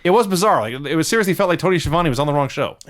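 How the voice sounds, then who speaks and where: A man co-hosting a casual wrestling podcast, recapping events quickly and laughing often. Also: on the high side, expressive, fairly bright tone. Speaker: podcast co-host.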